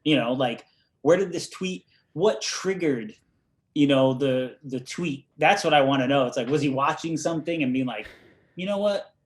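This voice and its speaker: A man's voice: mid-range voice, normal speed. A man who develops games, talking as a guest in a casual podcast chat and laughing easily. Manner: laughs easily, loose and conversational.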